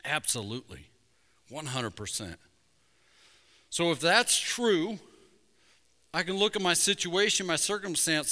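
A man preaching a sermon as pastor, conversational with jokes, rising to loud emphasis at points. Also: a little high, expressive, unhurried, pauses often. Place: church sanctuary. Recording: reverberant church sanctuary.

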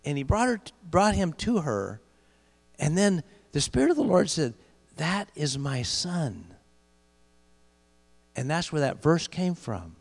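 Middle-aged preacher, gravelly and animated; sermon, big echoing hall, mains hum. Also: male voice, on the high side. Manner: builds to loud emphatic peaks, slows for key phrases. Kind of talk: sermon storytelling.

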